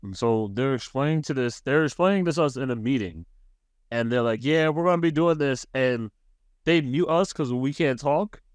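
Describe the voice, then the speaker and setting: A man's voice: medium pitch, normal speed, dry recording, clean studio sound. A man co-hosting a podcast, casually telling a loose, rambling work story and laughing easily. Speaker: podcast co-host.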